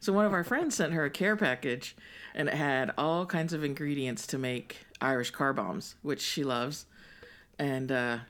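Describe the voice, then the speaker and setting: A woman's voice: low-pitched, moderate pace, fairly bright tone. A woman in her forties co-hosting a podcast, chatting casually in a rambling way and laughing often mid-sentence. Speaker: podcast co-host. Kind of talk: casual chat.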